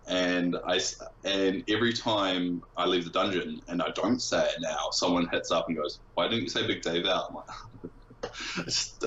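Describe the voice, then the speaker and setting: A man with a very low voice and an accent, chatting as a podcast guest. His sarcastic, self-deprecating manner comes through a dull, lo-fi mic. The room echoes around him, with faint ambience behind. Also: a bit bright, a little hiss or hum. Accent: non-local accent, origin unstated. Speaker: guest streamer. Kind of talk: casual podcast interview.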